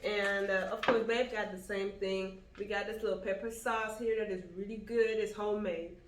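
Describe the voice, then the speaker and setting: A young woman from Guyana co-hosting a casual eating vlog, chatty and quick to laugh. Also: mid-range voice, fairly even intonation. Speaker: vlog co-host. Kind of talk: casual mukbang chat. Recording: echoey room.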